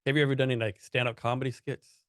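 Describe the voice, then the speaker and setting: A man's voice: medium pitch, level tone, racing, a bit bright, smooth, no room sound, clean studio sound. A man hosting a casual interview podcast, asking meandering questions full of fillers. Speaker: podcast host.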